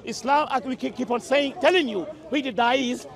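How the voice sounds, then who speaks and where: A man's voice: very high-pitched, a little fast, vocal fry. A man in a heated outdoor street debate who keeps repeating himself to push his point through. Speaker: Muslim debater. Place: outdoor public park. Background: crowd of listeners.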